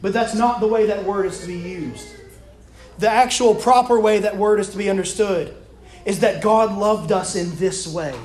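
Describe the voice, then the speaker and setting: A man preaching a sermon to his church, his phrases trailing off low and soft at the ends. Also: moderate pace. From Kentucky. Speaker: pastor. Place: church sanctuary. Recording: echoey church room.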